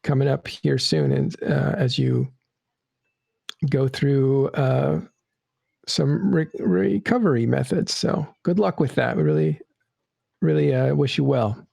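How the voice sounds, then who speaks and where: A man hosting a casual interview show, talking in a halting way with many fillers. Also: mid-range voice, very animated, gravelly, a little mellow, no echo, clean studio sound. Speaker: podcast host.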